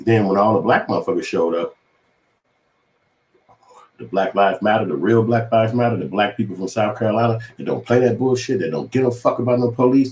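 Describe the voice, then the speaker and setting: A man's voice: lowish voice, a little mellow, reverberant. A man giving heated, profane commentary on the news, talking in an impassioned rant.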